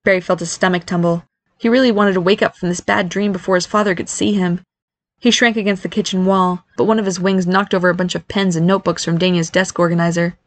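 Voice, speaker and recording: A woman reading a story aloud as narrator in a steady, even manner. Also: fairly low pitch, fast. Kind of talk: scripted narration.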